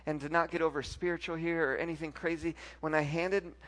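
A man telling a personal faith story to a live audience, animated, often repeating words and acting out what people said. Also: a little high, fairly quick, long reverb tail.

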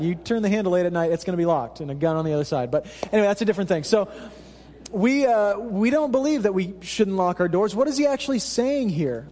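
A man's voice: high-pitched, warm tone, big-room sound. A pastor preaching a sermon in a conversational, humorous way, turning to his congregation with asides. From Alaska. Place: church hall.

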